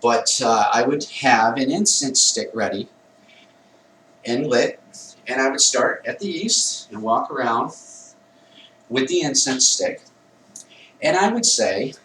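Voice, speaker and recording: A man's voice: mid-range voice, expressive, slow pace, long pauses, a bit bright. Man, Wicca priest, walks through a ritual, plain and conversational; mic at a distance, faint background noise. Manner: plain conversational explaining with self-corrections. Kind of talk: instructional ritual demonstration. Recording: echoey room, mic at a distance.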